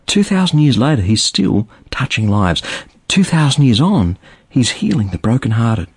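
Husky man giving a lively radio devotional. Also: medium pitch, moderate pace. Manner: storytelling, builds with rising emphasis.

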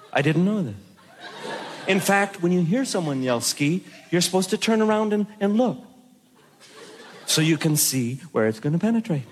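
A male comedian with a high voice, doing stand-up before a live crowd. He tells his stories with big swings in pitch. The recording has a steady layer of noise under it. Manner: animated storytelling, mimics others with shouted high voices. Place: stage before a live audience.

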